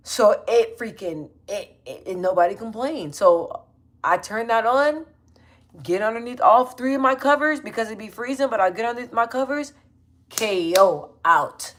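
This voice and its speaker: A woman in her thirties chatting loosely to her livestream viewers on her phone, slangy and full of quick asides. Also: on the high side, lively intonation, a bit bright. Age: 30s. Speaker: livestream host. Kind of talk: casual livestream chat reading comments.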